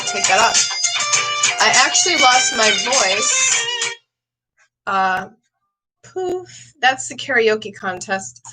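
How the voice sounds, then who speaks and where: A woman's voice: medium pitch, bright, forceful tone, rough recording. An older woman talking casually to her viewers, rambling and chatty and a little emotional. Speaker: vlogger. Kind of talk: casual chat to camera.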